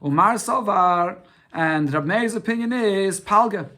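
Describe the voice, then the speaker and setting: A man with a fairly high voice teaching a daily Talmud class. He reads short Aramaic phrases and unpacks each one step by step. He often repeats words, then poses questions and answers them himself. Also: a little slow, sharp tone. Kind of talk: Talmud lesson with Aramaic reading.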